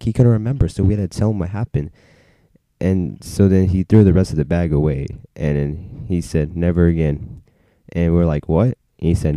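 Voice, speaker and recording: Young male vlogger, deep mellow voice, rambling storyteller, dry close sound. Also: dry recording. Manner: rambling, filler-heavy, frequent restarts. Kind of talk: casual storytelling to camera.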